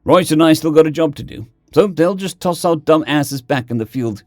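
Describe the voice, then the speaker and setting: A man's voice: fairly high pitch, normal speed, darkish tone, no room sound, studio quality, voice pushed up, lightly acted. A man doing a laid-back, blunt soldier. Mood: easygoing. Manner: casual, slangy, easygoing.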